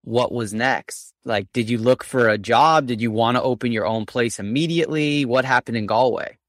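A man's voice: mid-range voice, normal speed, no echo, studio quality. Man asking interview questions on a podcast. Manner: asks questions. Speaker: podcast host.

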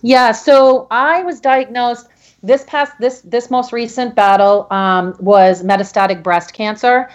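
A woman guest telling her own story in halting speech, with many restarts and fillers. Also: a little high, muffled recording. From Connecticut. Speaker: podcast guest. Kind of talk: emotional personal story.

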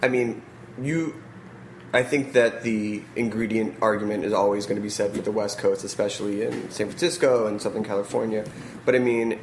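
A man's voice: fairly low pitch, fairly even intonation, fairly quick, darkish tone. A man hosting an interview, asking long, winding questions full of fillers. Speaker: podcast host, interviewer. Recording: roomy sound with faint noise.

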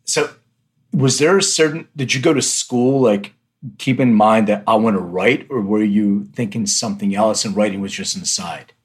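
A man's voice: on the low side, moderate pace, slightly rough. A man with a Philadelphia accent hosting a podcast interview, chatty and friendly, often restarting his questions. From Lithuania. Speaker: podcast host. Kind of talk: casual interview chat.

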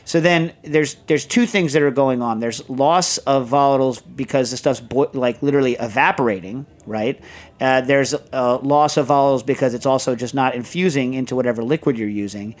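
A man's voice: mid-range voice, brisk. A man hosting a podcast in casual chat, rambling and digressive with lots of fillers. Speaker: podcast host.

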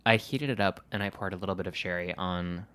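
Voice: low-pitched, fast talker, fairly bright tone, clear, resonant tone. A podcast co-host in casual chat, playful and jokey, breaking into theatrical asides.

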